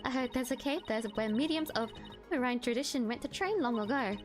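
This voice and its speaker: A woman reading the lines of a sweet, earnest young girl in a game, in a soft, polite manner. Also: high-pitched, fairly quick, soft background music, natural voice. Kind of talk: reading game dialogue aloud.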